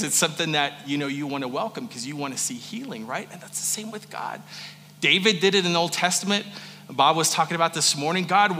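Bright-voiced pastor man preaching. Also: fairly high pitch, big-room sound, slight background noise. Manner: conversational, shifting from joking asides to hushed earnestness. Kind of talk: sermon.

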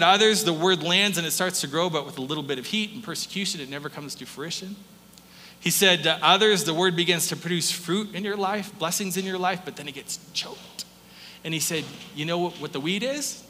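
Male pastor, bright forceful voice, animated sermon delivery, long church reverb with faint hum. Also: a little high. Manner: animated, swings from hushed to loud, acts out quotes. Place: church sanctuary.

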